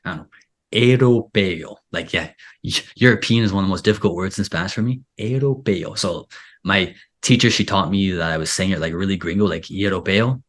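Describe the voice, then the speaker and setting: A man's voice: sits low, steady tone, fast talker, a bit bright. A man hosting a casual interview, talking in a rambling way full of filler "like". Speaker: podcast host and Spanish teacher.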